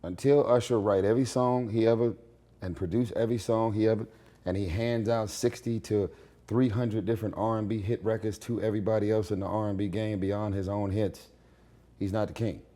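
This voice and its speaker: A man with a raspy voice giving blunt, confident opinions in a candid interview at his home. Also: on the low side, fairly even intonation, brisk, warm tone. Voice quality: raspy, gravelly voice. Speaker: interview guest, singer.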